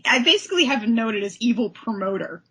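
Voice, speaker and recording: Husky-voiced woman co-hosting a chat. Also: on the high side, fast. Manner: animated, jokey, acts out quotes. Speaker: podcast co-host. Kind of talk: casual chat recapping a cartoon.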